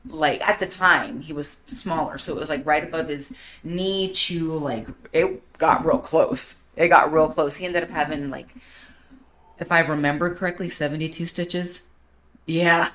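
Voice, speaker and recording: A woman's voice: low-pitched, fairly even intonation, measured pace, a bit bright. A woman in her thirties hosting a podcast, telling a story casually and animatedly, laughing and swearing freely. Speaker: podcast host.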